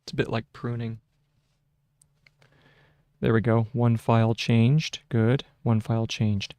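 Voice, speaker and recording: Slow, halting man talking through a tutorial. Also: medium pitch, level tone, a little mellow, no echo. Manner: slow, halting, with many fillers and restarts. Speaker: shorthand tutorial host. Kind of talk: casual screen-share tutorial, thinking aloud. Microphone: close desk microphone with a mute button.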